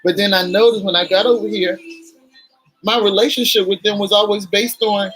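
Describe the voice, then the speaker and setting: A woman's voice: medium pitch, steady tone, moderate pace, fairly bright tone, faint music behind, rough recording. A woman in her forties, a vlogger chatting candidly and emotionally to her viewers while doing her makeup.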